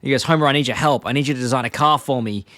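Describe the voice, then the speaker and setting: A man's voice: mid-range voice, rapid-fire, fairly bright tone, no echo. A man co-hosting a casual podcast chat. He retells scenes and acts out the lines in a raised voice. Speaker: podcast co-host.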